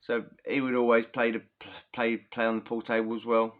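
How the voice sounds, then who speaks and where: A man's voice: medium pitch, fairly quick. Slangy man telling stories, dull audio. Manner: chatty and animated, heavy slang, laughs while telling. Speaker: former prisoner telling prison stories. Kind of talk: casual storytelling to camera.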